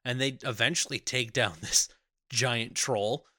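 A man's voice: medium pitch, measured pace, sharp tone, no room sound. A man co-hosting a podcast, recapping a movie in a casual chat with dry, wry humor. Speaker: podcast co-host.

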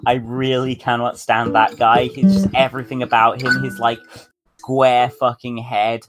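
A man's voice: mid-range voice, unhurried. A man co-hosting a livestream in casual chat, swearing freely, laughing often and mocking as he talks. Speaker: livestream co-host. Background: his own guitar noodling.

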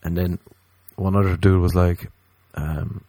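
A young man delivers a stand-up set in a deadpan, storytelling way, slipping into the voices of the people in his tales. His voice sits low with a gravelly edge and a dark, mellow tone. The sound is dry and close. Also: unhurried, no room sound. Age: young adult. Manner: deadpan storytelling, acting out both sides of chats. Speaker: stand-up comedian.

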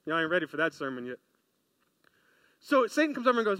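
A man preaching a sermon in an animated, conversational way, often asking his listeners questions. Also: sits high, quick pace, no room sound. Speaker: pastor. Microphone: close mic, podcast.

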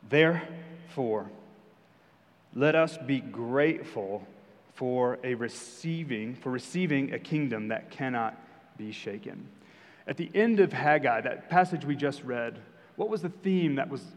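A young adult man preaching a sermon as pastor, conversational with emphatic rises. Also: fairly high pitch. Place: church sanctuary. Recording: long hall reverb.

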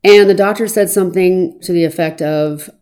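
A woman recounting her own past in an earnest, reflective personal testimony, pausing now and then with small fillers. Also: fairly low pitch, mellow. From Arizona, US.

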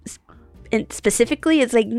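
A woman co-hosting a podcast in casual chat, thinking aloud in a halting way and often rephrasing herself. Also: on the high side, a little mellow, no echo, soft background music. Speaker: podcast co-host.

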